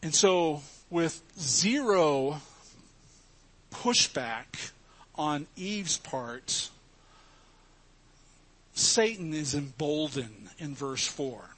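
A man's voice: on the high side, animated, drawn-out words, long pauses, a bit bright, slightly rough. A man preaching a sermon to his congregation, emphatic and earnest as he teaches from scripture. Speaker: pastor.

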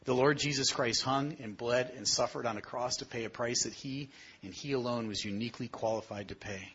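Emphatic, husky-voiced male preacher. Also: brisk. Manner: rises to emphatic peaks, then drops low and quiet; asks the congregation direct questions. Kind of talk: sermon. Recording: dull lo-fi sermon recording.

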